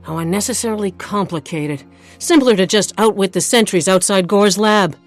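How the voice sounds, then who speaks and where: A woman voicing a brainy, condescending small female asura scholar in a video game, speaking in a crisp, precise way over game music. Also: mid-range voice, moderate pace, close to an everyday voice. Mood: haughty. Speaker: Priory agent.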